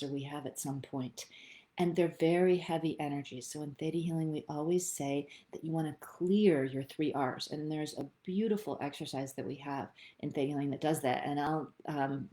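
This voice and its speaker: A middle-aged woman teaching stress tapping in a live online session, talking in a chatty, upbeat way and thinking out loud. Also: low-pitched. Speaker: EFT tapping practitioner.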